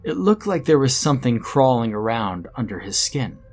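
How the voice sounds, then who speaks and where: A man's voice: mid-range voice, sing-song, normal speed, darkish tone, a little hiss or hum. A man narrating a scripted first-person horror story in a dramatic storytelling manner.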